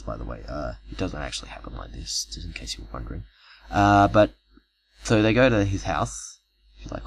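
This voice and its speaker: A man's voice: low-pitched, big pitch swings, normal speed, creaky, poor audio. A young man telling an improvised story in a casual, profane, rambling way, full of asides, recorded on a cheap home microphone.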